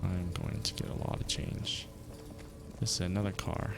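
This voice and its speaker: Male streamer, low and gravelly, reading a game with wry asides, faint music behind. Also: flat delivery, normal speed. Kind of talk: live game playthrough, reading text aloud.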